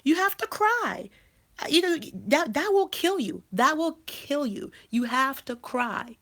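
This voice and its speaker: A woman in her thirties talks straight to her viewers in a casual livestream. Her voice sits on the higher side. She speaks emphatically, repeats her key phrases and often restarts her sentences. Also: sing-song, a little slow, sharp tone. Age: 30s. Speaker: life coach and channel host.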